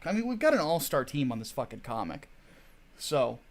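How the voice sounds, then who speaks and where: A man's voice: mid-range voice, sing-song, normal speed, vocal fry. A man hosting a casual livestream, ranting in a chatty, digressive way and swearing freely. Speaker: host.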